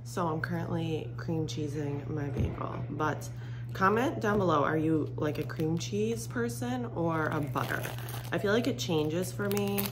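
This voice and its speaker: Low-voiced young woman vlogging at home. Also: unhurried, background noise. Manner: chatty, rambling, lots of "like" fillers. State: morning voice, a bit low and groggy. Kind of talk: casual vlog chat to camera. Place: home kitchen, coffee machine running.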